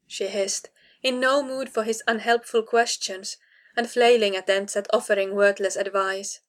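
A woman's voice: medium pitch, level tone, normal speed. Woman reading a tense fantasy scene. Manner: tense, dramatic reading with character dialogue. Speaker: audiobook narrator. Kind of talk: scripted narration of a fantasy novel.

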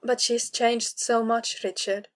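Woman narrator doing a hushed, conflicted woman confessor in an audiobook, soft and confiding. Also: a little high, little pitch movement, slow pace. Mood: hushed, confessing.

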